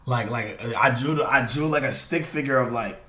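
A young man streaming a live reaction, talking in slang and swinging from low mutters to loud excited shouts. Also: moderate pace. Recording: roomy echo with faint noise.

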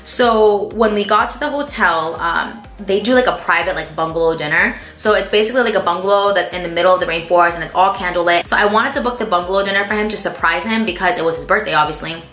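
Fast, bright-voiced chatty young woman. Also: on the low side. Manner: chatty, fills speech with "like" and "um". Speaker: beauty vlogger answering viewer questions. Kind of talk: casual chat. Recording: echoey room with faint music.

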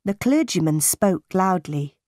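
Woman narrator, learner audiobook, clear and deliberate, very slow, dry. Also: fairly low pitch, animated, a little mellow, no room sound. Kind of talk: slow graded reader narration for English learners.

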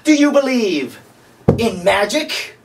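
Guy doing a cheesy infomercial huckster, high and shouty, drags every word out, mic kinda far off. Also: sing-song, heavy background noise, heavily acted. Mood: hammy. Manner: booming, drawn-out salesman delivery. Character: over-the-top male infomercial pitchman, huckster.

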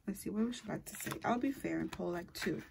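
A woman's voice: medium pitch, fast, vocal fry, noisy background. A woman giving a casual tarot reading, talking in a chatty, rambling way and often correcting herself mid-sentence. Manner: chatty and rambling, with frequent fillers and self-corrections. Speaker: tarot reader.

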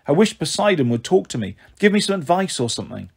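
A man reading a first-person storybook aloud. His delivery is animated and his pitch swings widely. His voice has a slightly husky grain. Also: fast. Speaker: audiobook reader.

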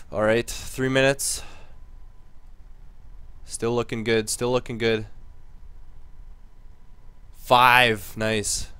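A man giving casual commentary over a hockey video game he is playing, muttering low between plays and getting louder when he cheers. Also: clean tone, no room sound. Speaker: gaming commentator.

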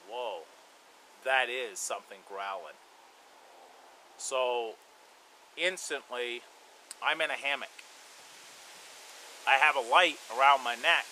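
A man with a bright, sharp voice, pitched a little above the usual, tells a story casually and at an easy pace. He rambles a bit and leans on "you know" as he goes. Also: a little hiss or hum, poor audio. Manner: relaxed, rambling, frequent "you know" fillers. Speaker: bushcraft and survival channel host.

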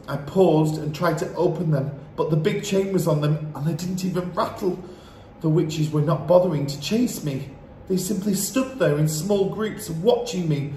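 A man's voice: a little high, mellow. Man, storybook narrator, dramatic reading, roomy echo, faint background hiss. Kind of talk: reading a children's book aloud.

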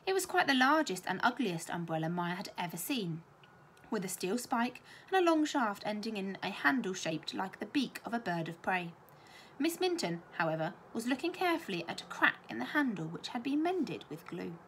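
A woman teacher reading a children's novel aloud with expressive storytelling. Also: mid-range voice, normal speed, slight background noise.

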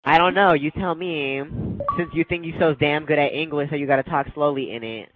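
A man's voice: a little high, steady tone, fairly quick, over music, poor audio. A man in an online game voice chat, hurling a relentless stream of profane insults through a gaming headset. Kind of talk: heated insult argument. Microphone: gaming headset over online voice chat.

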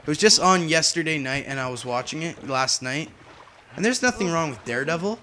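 A man's voice: a little high, lively intonation, brisk, sharp tone, slight background noise. A young man giving casual, chatty gameplay commentary as a YouTuber, humming and drifting off topic. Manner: chatty, distracted, hums to himself. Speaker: gaming YouTuber.

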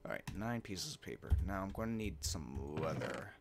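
Animated, joking gamer guy. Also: deep voice, normal speed, gravelly, background noise. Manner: profane, joking, talks to himself while playing. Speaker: let's play gamer. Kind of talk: casual gameplay commentary.

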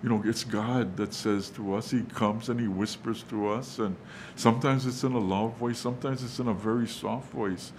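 Halting male pastor preaching. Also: on the low side, fairly even intonation, a little mellow, slight background noise. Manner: halting delivery with many fillers and restarts; addresses listeners as guys. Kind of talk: sermon.

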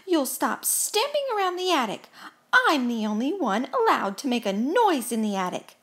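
A woman voicing a friendly, worried male ghost in a storybook read-aloud, calling out in a high, drawn-out voice. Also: sing-song, creaky, heavily acted. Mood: commanding. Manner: high, loud and drawn-out calls. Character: friendly fretful male ghost, stern when pushed.

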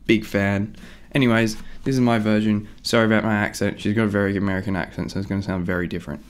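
A young musician talks fast and easygoing about a song he's about to cover, wandering off on tangents and saying "um" and "like" often. His voice is fairly low with a level tone.

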